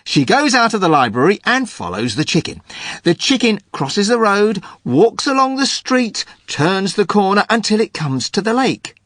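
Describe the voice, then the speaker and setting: A man's voice: high voice, big pitch swings, normal speed, a bit bright, no echo, studio quality. An actor playing an eager, bumbling joke-teller in a scripted podcast, stumbling over his starts. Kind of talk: scripted comic podcast segment.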